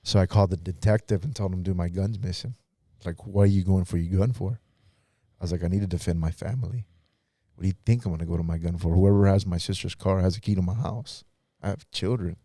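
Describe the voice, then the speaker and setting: Low-voiced man telling a personal story. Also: steady tone, fast, mellow, no echo, clean studio sound. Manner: casual and earnest, quoting others in dialogue. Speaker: pastor and podcast guest.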